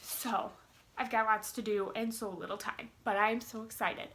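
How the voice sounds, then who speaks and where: A woman's voice: on the high side, fairly even intonation, moderate pace, background noise. A young woman in her twenties chatting to camera, bubbly and giddy, with lots of fillers and restarts. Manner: bubbly, gushing, many fillers. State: giddy with excitement. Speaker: vlogger. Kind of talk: casual chat to camera.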